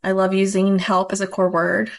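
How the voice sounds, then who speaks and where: A woman's voice: medium pitch, monotone, normal speed, vocal fry. A woman co-hosting as a speech therapy clinician, chatting casually and steering the talk back on track with dry humor. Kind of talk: casual podcast chat.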